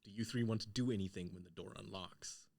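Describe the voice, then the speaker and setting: A man narrating as game master in an animated, dramatic way. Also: on the low side, fast talker, vocal fry, dry recording.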